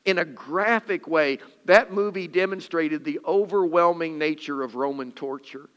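A pastor preaches with earnest emphasis, his voice sitting a little high for a man. He reads scripture dramatically, and his words ring out with a long reverb from the hall around him. The delivery is steady and deliberate, built for a congregation. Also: clear, resonant tone, highs cut off. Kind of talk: sermon.

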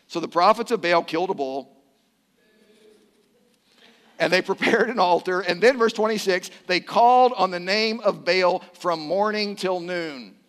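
A man with a high, bright-edged voice preaches to his congregation, reading scripture aloud and joking with them between verses. His delivery is lively and playful. The sound carries a long hall reverb. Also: measured pace. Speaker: pastor. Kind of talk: sermon with responsive reading.

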